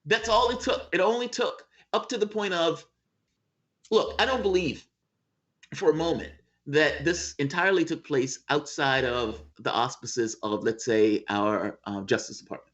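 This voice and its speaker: A man's voice: a little high, moderate pace, a bit bright. A man as guest in a casual political chat over a video call, emphatic and profane.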